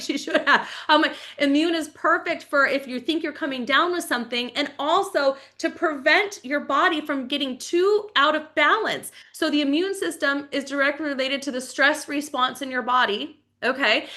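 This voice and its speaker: Woman, forties, live sales pitch, enthusiastic, chatty, bright tone, high voice. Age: 40s. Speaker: wellness product presenter.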